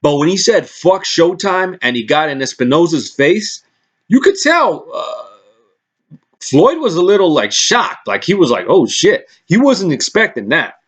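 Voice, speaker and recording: A man ranting in a casual vlog, excitable and full of swearing, often restarting his sentences. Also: a little high, a little slow, breathy edge. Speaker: vlogger recapping press conferences. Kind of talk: casual profane rant.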